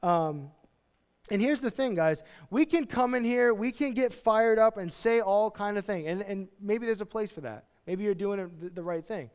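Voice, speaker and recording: Animated preaching pastor, high voice. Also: male voice, normal speed, clean tone. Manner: conversational, animated, jokey preaching with sudden loud outbursts. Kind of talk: sermon.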